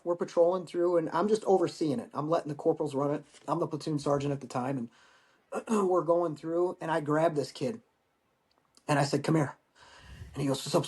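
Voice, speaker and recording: A man in his forties, a Marine veteran guest, telling war-training stories in a casual, profane, animated way. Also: a little high. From United States. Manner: profane, animated storyteller acting out dialogue. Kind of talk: casual storytelling interview.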